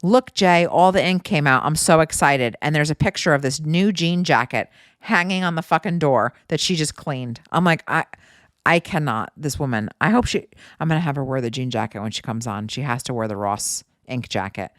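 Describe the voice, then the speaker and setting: A woman hosting her own podcast, telling a story in a casual, animated way, cursing freely and often breaking into laughter. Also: a bass voice, fairly quick, no echo, clean studio sound. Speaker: podcast host.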